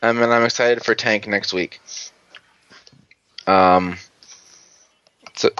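A man's voice: on the low side, fairly even intonation, slow, fairly bright tone, clean tone, no echo, lo-fi sound. A man chatting casually on a podcast, recapping a TV episode in a rambling way, acting out characters' lines and swearing freely. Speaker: podcast co-host.

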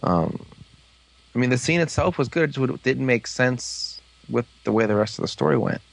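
A man's voice: medium pitch, moderate pace, creaky. A man chatting casually about a TV show, hesitant and restarting his sentences. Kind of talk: casual fan chat.

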